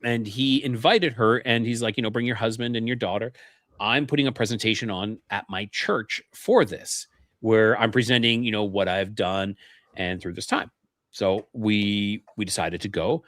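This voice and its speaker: A man's voice: lowish voice, fairly even intonation, normal speed, fairly bright tone, dry recording, studio quality. A man from Canada, a podcast guest, telling a personal story in a casual, earnest way and acting out the remembered dialogue.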